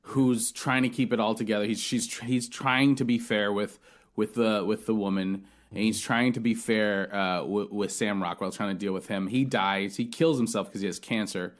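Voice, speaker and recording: A man's voice: lowish voice, fairly even intonation, moderate pace. A man hosting a podcast, reviewing a film in casual chat, rambling and swearing with many restarts. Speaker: podcast host.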